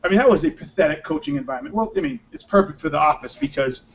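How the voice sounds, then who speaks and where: Male podcast host, upbeat and joking, higher voice, dull audio. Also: sing-song, racing. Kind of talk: casual chat. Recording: muffled lo-fi audio.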